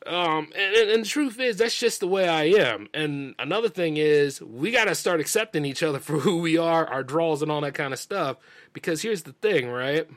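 A man's voice: lively intonation, normal speed. A man from the Southern US with a light drawl, hosting a podcast and delivering an opinionated, emphatic rant. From Southern United States. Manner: ranting, emphatic, mimics others in a high voice. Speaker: podcast host. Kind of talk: opinionated monologue.

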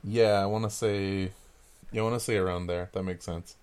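A man's voice: low-pitched, fairly even intonation, moderate pace, a little mellow, clean tone. A man in his thirties co-hosting a podcast, telling stories in a crude, jokey way. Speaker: podcast co-host. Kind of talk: casual chat.

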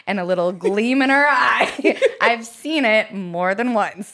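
A woman's voice: mid-range voice, lively intonation, measured pace, fairly bright tone. A young woman hosting a casual podcast, bubbly and laughing often. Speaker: podcast host.

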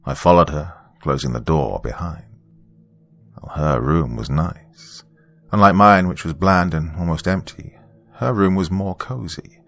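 A man narrating a first-person story in a calm, measured, reflective way. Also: low voice, vocal fry, dry recording.

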